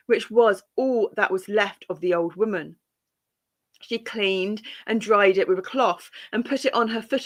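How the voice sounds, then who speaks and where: A woman reading a classic children's story aloud in a calm, measured way. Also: medium pitch.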